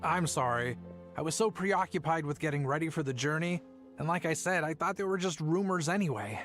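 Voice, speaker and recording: A reserved, worried family man from a video game, voiced by a man. His voice sits a little high, and he delivers every line in a flat, read-off-the-page manner with faint music behind him. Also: brisk, close to an everyday voice. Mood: apologetic.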